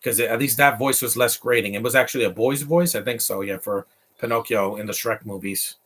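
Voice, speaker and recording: Man, movie reactor, casual and opinionated, chatty asides, mid-pitched everyday voice. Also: fairly quick, fairly bright tone, husky.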